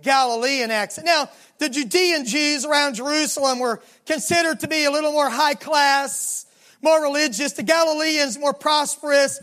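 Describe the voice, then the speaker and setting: A preacher with a Southern American accent delivering a sermon, telling the story dramatically and slowing down and dropping low for emphasis. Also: steady tone, fairly bright tone. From Southern United States.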